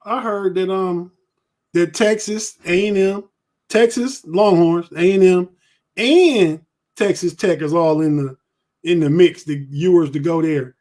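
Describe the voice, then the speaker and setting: Laid-back sports podcast co-host, high-voiced man. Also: a little slow, darkish tone. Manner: laid-back, colloquial, repeats words. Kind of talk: casual sports chat.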